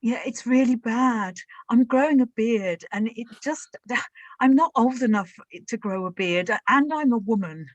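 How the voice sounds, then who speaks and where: A woman's voice: a little high, measured pace, dry recording, highs cut off. A woman improvising a comedy scene, dramatic and exasperated. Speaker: improv performer.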